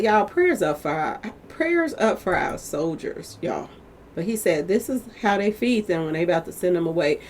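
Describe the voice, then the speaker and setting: In a casual monologue, a female commentary vlogger speaks candidly and colloquially in a slightly squeaky voice, laughing frequently and checking in with viewers with "okay, y'all?" again and again. A faint hiss or hum sits under the recording.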